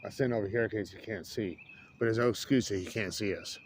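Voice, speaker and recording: A man with a fairly low voice rambles through an easygoing outdoor chat and breaks into chuckles often. Faint noise and birdsong sit behind him. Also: fast talker. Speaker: vlogger. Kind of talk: casual chat.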